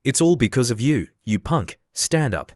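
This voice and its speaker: A man voicing an arrogant, loud rich young man who boasts and insults in a recap story. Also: mid-range voice, sing-song, moderate pace, no room sound, clean studio sound. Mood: boastful.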